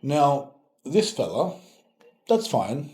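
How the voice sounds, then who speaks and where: A man's voice: medium pitch, very animated, slow pace, dark tone. A man, a strength coach, chatting casually and sarcastically as he reacts to comments, with playful mock-scolding. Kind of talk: casual reaction video chat. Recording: roomy echoey room.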